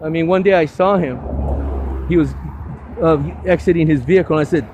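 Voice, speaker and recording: Older man, volunteer trash cleaner, casual walk-and-talk outdoors, eager and rambling, slightly high voice. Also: a little fast, noisy background. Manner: rambling, enthusiastic, stumbling restarts. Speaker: volunteer roadside litter cleaner. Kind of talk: casual walking tour to camera. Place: outdoors on a hillside road.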